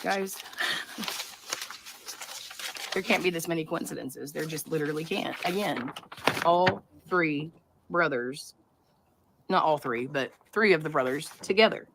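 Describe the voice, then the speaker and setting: A woman's voice: low-pitched, takes it slowly, vocal fry, pauses often, noisy background. A woman hosting a live stream, talking to her chat in a rambling, conspiratorial way and often interrupting herself. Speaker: livestream host.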